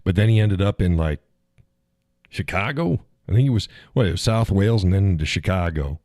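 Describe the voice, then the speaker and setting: Deep-voiced man hosting a casual livestream. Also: lively intonation, brisk, a little mellow, no echo, studio quality. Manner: rambling, chuckles often, answers chat viewers. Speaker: live stream host.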